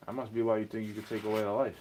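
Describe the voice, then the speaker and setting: A man's voice: fairly low pitch, little pitch movement, very fast, darkish tone, a little hiss or hum. A young man ranting in a rambling, agitated monologue, swearing as he talks to a stream chat.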